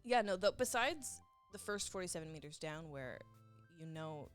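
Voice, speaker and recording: Young woman, casual podcast guest, very lively intonation, jokey and giggly. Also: low voice, normal speed, soft background music. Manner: playful, laughs often, riffs on jokes. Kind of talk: casual chat.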